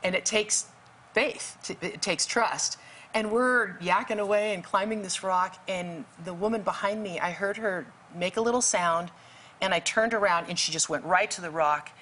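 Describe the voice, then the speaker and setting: A woman's voice: medium pitch, moderate pace, fairly bright tone, slight background noise. A woman guest telling a faith story vividly, acting out the dialogue in it. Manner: vivid, acts out quoted dialogue. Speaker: guest author. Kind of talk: storytelling testimony.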